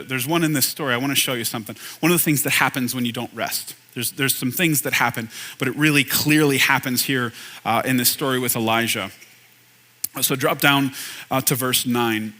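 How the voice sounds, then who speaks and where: A man's voice: medium pitch, sharp tone. A man in his thirties preaching a conversational sermon as pastor, with self-deprecating asides and questions to the audience. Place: church hall.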